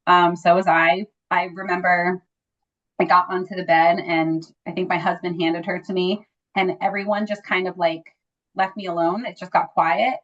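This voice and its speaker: A woman's voice: fairly low pitch, moderate pace. A woman guest in a casual interview, telling a personal story with lots of fillers like "like" and "you know.". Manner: animated when acting out quoted dialogue. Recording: slightly dull lo-fi audio.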